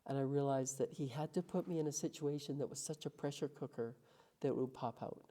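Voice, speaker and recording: A woman's voice: extremely low pitch, fairly quick, mellow. A middle-aged woman, a guest in an interview, retelling her life story with vivid emotion and acted quotes.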